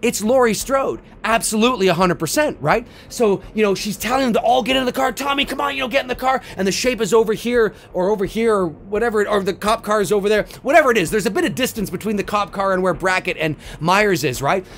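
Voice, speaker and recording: A man hosting a video, excitedly and profanely retelling a film idea scene by scene and acting out the moments. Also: sits high, fast talker, few pauses, slight background noise. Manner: excitable, profane, acts out scenes and sound effects. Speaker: video host pitching a film sequel idea. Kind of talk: animated casual retelling.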